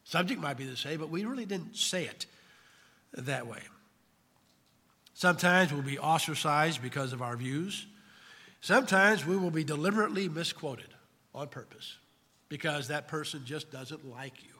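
Bright-voiced male pastor preaching. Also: fairly high pitch, animated, moderate pace, pauses often, breathy edge, in a large hall. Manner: emphatic, poses questions to the congregation. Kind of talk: sermon.

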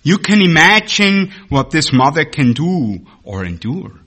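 God as a patient, proud creator, telling his plans slowly and with a bright, forceful edge, as a male preacher reads him aloud. The delivery is earnest storytelling, unhurried and clear. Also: on the high side, sing-song, full character voice.

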